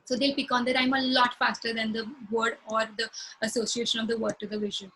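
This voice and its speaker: Woman therapist chatting, high bright voice, slight hiss behind, acts out little phrases. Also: level tone, fast talker, poor audio. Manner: explains with examples, acts out phrases to a child. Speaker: speech-language pathologist. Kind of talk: conversational clinical Q&A.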